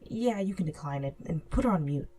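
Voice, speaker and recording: A woman voicing a distracted, busy teenage boy superhero who sounds hurried and dismissive. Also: lowish voice, animated, warm tone, slightly rough, faint music behind.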